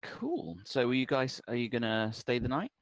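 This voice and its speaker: A man narrating as the game master of a tabletop game, relaxed and full of ums. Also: medium pitch, normal speed, no echo.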